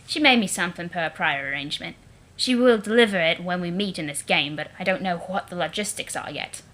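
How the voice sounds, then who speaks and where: A woman voicing an arrogant, foul-mouthed young male troll prince in a deliberately mangled British accent, vaguely Liverpool or Cockney. He swaggers and sneers, and he swears a lot. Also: fairly low pitch, fairly bright tone, close to an everyday voice. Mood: sneering.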